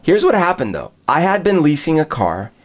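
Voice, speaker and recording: A man's voice: on the high side, huge pitch swings, moderate pace. A man in casual conversation, telling a long story and acting out both sides of the dialogue. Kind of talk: casual chat.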